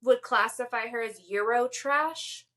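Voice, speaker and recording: A chatty woman co-hosts a podcast, pitched a little high. She talks through a TV episode in easy, enthusiastic chat, full of filler words. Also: unhurried, sharp tone. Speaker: podcast co-host. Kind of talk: casual chat recapping a TV episode.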